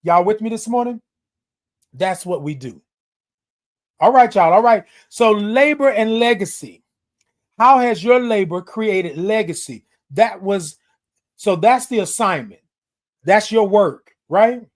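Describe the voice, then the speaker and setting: A man whose voice sits high and animated hosts a casual live morning stream on social media, taking it slowly and pausing often. He greets viewers by name, his tone affectionate, repetitive and sermon-like.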